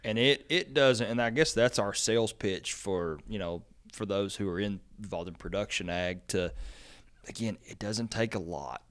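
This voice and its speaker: Low-voiced man, chatty podcast host. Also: normal speed. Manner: rambling storyteller, lots of fillers, animated when excited. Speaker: extension agent podcast host. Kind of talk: casual podcast conversation.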